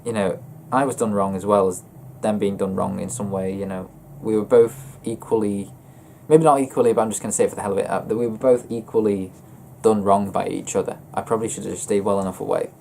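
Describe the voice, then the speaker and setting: A young man vlogging about his feelings in a flat, monotone voice, hesitant and often stopping to correct himself. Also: fairly low pitch, creaky, a little hiss or hum. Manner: hesitant, halting and self-correcting. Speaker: gaming YouTuber. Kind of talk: personal confessional vlog.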